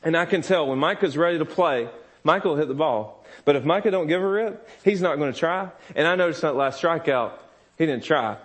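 A man's voice: fairly high pitch, lively intonation, brisk. Candid, laughing preacher man. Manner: candid, self-deprecating, laughs often, acts out his kids' voices. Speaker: pastor. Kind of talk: sermon with personal stories.

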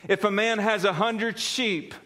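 A man's voice: high-pitched, steady tone, a little slow, bright, forceful tone. A man preaching a sermon in a folksy way, with frequent restarts and an earnest turn after a joke. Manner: folksy, repetitive restarts, tells a joke then turns earnest.

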